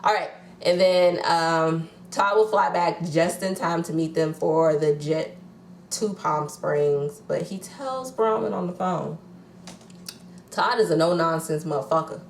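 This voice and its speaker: A woman's voice: on the low side, takes it slowly, creaky, echoey room, slight background noise. A woman recapping reality TV casually, sassy and blunt, swearing freely. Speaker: reality TV reviewer.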